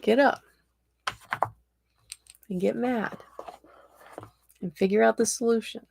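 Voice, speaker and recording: A woman's voice: a little high, fairly even intonation, normal speed, gravelly, mellow, slight background noise. A woman host giving live-streamed tarot readings in a chatty, direct and encouraging way, with a tickle in her throat.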